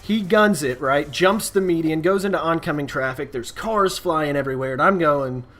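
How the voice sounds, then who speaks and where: A gaming YouTuber with a fairly high-pitched voice tells a casual story over gameplay at a normal speed. He's relaxed and rambling, full of fillers and asides.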